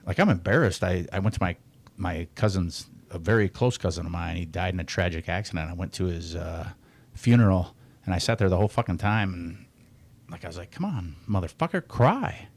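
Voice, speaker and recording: A man in his forties with a somewhat low voice, talking as a podcast guest. He is blunt and swears freely, yet reflective and candid about his feelings. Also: steady tone, a little fast. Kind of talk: candid casual chat.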